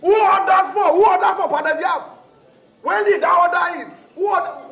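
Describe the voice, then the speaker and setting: A man's voice: sits high, normal speed. An actor with a Nigerian accent playing a boisterous, old-fashioned Nigerian man in a restaurant comedy sketch who laughs a lot and takes offense easily. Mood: indignant.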